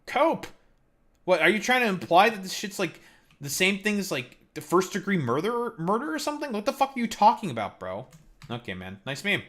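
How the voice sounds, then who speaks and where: A man's voice: high-pitched, sing-song, brisk, fairly bright tone. Fired-up, mocking male streamer. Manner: heated, mocking, swears constantly. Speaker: streamer host. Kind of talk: profane live-stream reaction rant.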